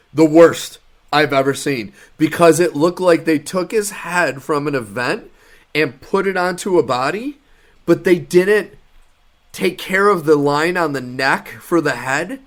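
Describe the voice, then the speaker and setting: A man's voice: a little high, unhurried. A young adult man co-hosting a casual podcast, reviewing a movie in an exasperated, sarcastic rant. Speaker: podcast co-host.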